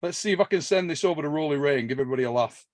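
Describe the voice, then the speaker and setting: A man with a notably high voice tells a long gym story in loose, profane podcast chat. He laughs through his own lines, and the sound is close and dry. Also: racing, dry recording. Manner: animated, swears a lot, laughs while telling stories. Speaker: podcast host.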